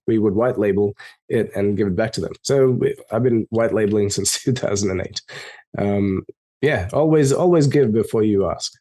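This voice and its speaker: A man being interviewed as a software company co-founder, telling stories and acting out the dialogue in a raised voice. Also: lowish voice. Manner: animated, acts out quoted dialogue in a raised voice. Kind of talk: storytelling in an interview. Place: lives in Melbourne.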